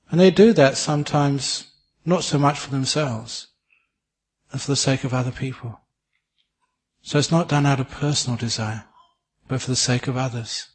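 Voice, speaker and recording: A man with an English accent giving a Buddhist dharma talk, a gentle storyteller who laughs at his own jokes. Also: mid-range voice. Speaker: Buddhist teacher.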